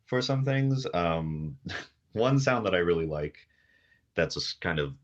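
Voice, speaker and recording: A man's voice: low-pitched, lively intonation, measured pace, dull audio. A man, a podcast guest, chatting casually from his kitchen and rambling with lots of fillers and laughs. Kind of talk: casual chat. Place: home, talking from the kitchen. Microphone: table mic on a video call.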